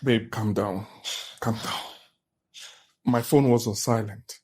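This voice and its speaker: An actor with a Nigerian accent playing a tired, busy husband who pleads with his wife to calm down. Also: lowish voice, slow pace, breathy edge. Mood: weary. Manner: weary, pleading. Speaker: actor in a film. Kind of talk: film drama acting.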